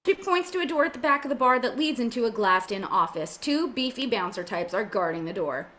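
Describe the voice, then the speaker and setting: A woman narrates the stage directions of a script in a casual amateur reading and drops in offhand jokes. Her voice is bright and a little high, and her pitch moves a lot. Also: animated, fairly quick. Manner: reads directions with joking asides.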